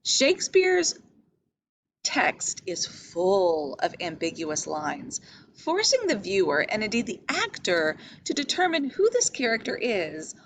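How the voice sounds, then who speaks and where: A woman's voice: mid-range voice, wildly swooping pitch, slow pace, slight background noise, poor audio. A woman teaching a lecture on a play, explaining patiently, asking questions and stressing key words. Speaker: literature teacher.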